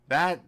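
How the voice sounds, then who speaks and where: Rambling earnest man chatting live. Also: sharp tone. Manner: rambling, earnest, thinks aloud. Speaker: vlogger reacting to his old videos. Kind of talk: live reaction chat.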